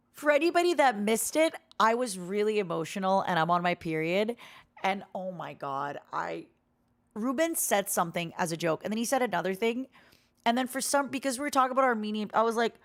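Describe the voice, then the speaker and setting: A young woman streamer chatting casually with her viewers, rambling and giggly as she tells stories. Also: fairly high pitch. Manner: rambling, giggly, excitable storytelling.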